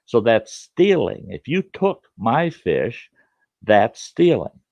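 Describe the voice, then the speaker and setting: A man voicing a mean, grouchy middle-aged male neighbor who scolds slowly and deliberately. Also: medium pitch, very animated, a little mellow, no room sound, pitched above the performer's own voice. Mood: scolding. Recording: dull lo-fi dry recording.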